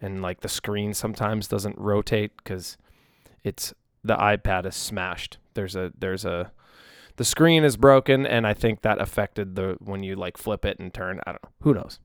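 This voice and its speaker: A man's voice: on the low side, steady tone, a little slow, smooth, no room sound, studio quality. A man in his mid-thirties hosting his own podcast, talking casually and rambling with lots of ums and restarts as he livestreams from a tablet. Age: 30s. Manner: rambling, chatty, many ums and self-corrections. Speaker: musician podcast host. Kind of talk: casual solo podcast chat. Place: home in Nashville. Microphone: tablet and phone livestream.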